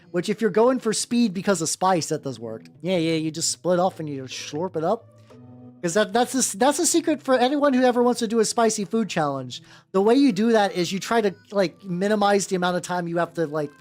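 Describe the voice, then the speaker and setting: A middle-pitched American streamer chatting loosely while painting, rambling and cursing, tripping over restarts. Quiet background music plays under the voice. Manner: rambling, frequent restarts and swearing. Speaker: VTuber streamer painting miniature terrain. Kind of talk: casual livestream chat while painting. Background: faint background music.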